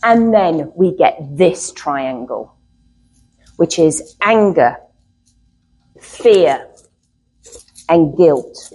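A woman's voice: lowish voice, animated, slow pace, long pauses, a little mellow, husky, poor audio. A middle-aged woman, a therapist, teaching a live workshop to a group in a chatty way, often checking in with "okay?".

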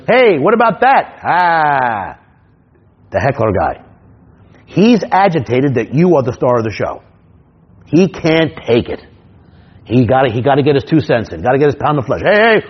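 A man's voice: medium pitch, slightly rough, dull audio. A man with a New York accent, a stage hypnotist teaching other performers, punchy and always checking in with the listener. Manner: punchy, keeps checking in with "right?" and acts out scenes. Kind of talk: instructional talk.

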